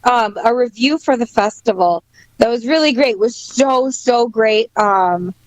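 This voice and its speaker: A woman's voice: fairly high pitch, a little slow, dry recording. A woman with a Wisconsin accent, a band guest chatting casually, laughing often and saying um a lot. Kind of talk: casual chat.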